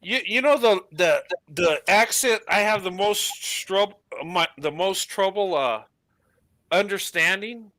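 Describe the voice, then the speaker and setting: A man's voice: high-pitched, a little slow, bright, forceful tone, dry recording. A man from New Mexico in casual chat, often stalling and repeating words as he searches for them. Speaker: chat participant.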